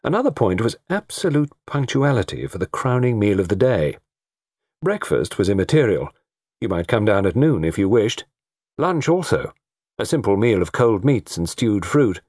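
A man narrating a story in an expressive reading. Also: on the low side, normal speed, dry recording, clean studio sound. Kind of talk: audiobook narration.

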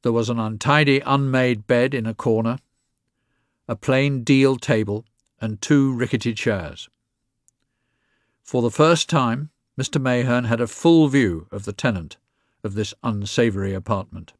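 A man narrates a story in an even, measured voice at a middling pitch. The recording is dry, with no room sound around it. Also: no room sound. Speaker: reader.

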